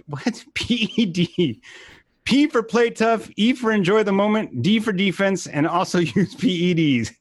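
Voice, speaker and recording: A man's voice: high voice, animated, a little slow, no room sound. A man guesting on a podcast, reading jokes aloud and laughing through his lines while mocking himself. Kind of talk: casual chat, reading jokes.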